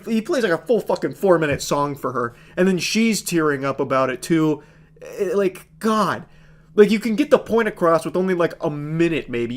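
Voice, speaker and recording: A man in his thirties rants through a movie recap in a slightly high voice. He sounds exasperated and sarcastic, swearing freely as he picks the film apart. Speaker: movie reviewer. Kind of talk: ranting movie review commentary.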